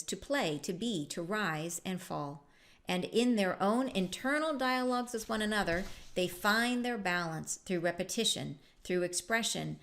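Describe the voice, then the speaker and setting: A woman spiritual teacher giving a relaxed, reflective talk with a chatty, often laughing manner. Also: mid-range voice.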